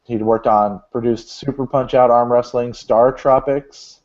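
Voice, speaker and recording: A man's voice: medium pitch, fairly even intonation, measured pace, darkish tone. Rambling man on a lo-fi podcast. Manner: rambling, joking, many fillers. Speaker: podcast host reading gaming news. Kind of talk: casual podcast chat. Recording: dull lo-fi podcast audio.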